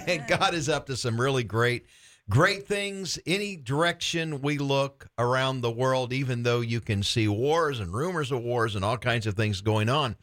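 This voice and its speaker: A man's voice: medium pitch, moderate pace, fairly bright tone. A middle-aged man from Florida hosting a Christian radio talk show, upbeat and enthusiastic, laughing often and restarting his sentences.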